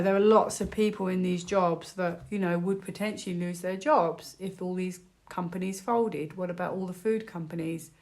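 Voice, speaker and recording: A woman's voice: medium pitch, a little hiss or hum. A British woman giving a casual tarot reading to camera, rambling and chatty with lots of fillers. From United Kingdom. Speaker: tarot reader.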